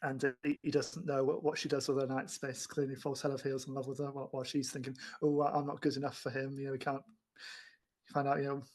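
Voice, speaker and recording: A man's voice: medium pitch, level tone, fast. A man chatting casually about old films, rambling with many restarts and fillers. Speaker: film podcast co-host. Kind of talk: casual film discussion.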